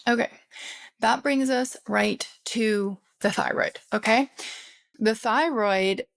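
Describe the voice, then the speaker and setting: A woman's voice: fairly high pitch, slow pace, vocal fry, dry recording. A woman hosting a health podcast in her thirties, talking casually and checking in with frequent "okay?" asides. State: out of breath. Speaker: podcast host. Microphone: podcast recording setup.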